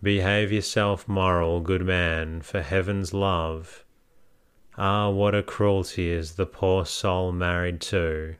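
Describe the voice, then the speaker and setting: A man's voice: low voice, flat delivery, takes it slowly, clean tone. A man reading a scolding rustic market woman. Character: buxom motherly woman stay-lace dealer.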